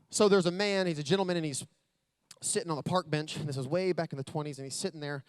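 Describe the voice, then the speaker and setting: Brief: energetic man, motivational speaker, storyteller, bright high voice. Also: a little fast, long pauses, clear, resonant tone, no room sound. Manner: energetic, storytelling, talks directly to the audience. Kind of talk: motivational speech. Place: hotel event hall with live audience.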